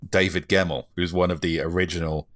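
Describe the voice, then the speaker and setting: Man, very low and bright-toned, dry, close dry mic, casual podcast chat. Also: fairly even intonation, brisk, dry recording. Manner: dry, joking storyteller. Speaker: podcast co-host.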